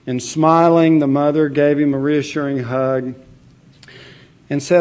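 Slow, earnest pastor preaching a sermon. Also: male voice, a little high, little pitch movement, darkish tone. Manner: measured, earnest preaching with occasional fillers.

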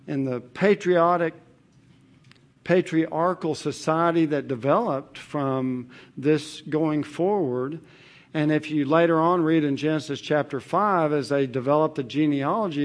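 A man preaching an expository Bible sermon in a measured, emphatic way, with rhetorical questions and repetition. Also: fairly high pitch.

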